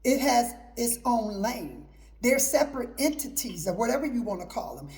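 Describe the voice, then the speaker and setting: A woman's voice: fairly high pitch, animated, normal speed, darkish tone. A middle-aged woman hosting her own show, giving an emphatic, repetitive preaching talk mixed with personal testimony. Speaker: host.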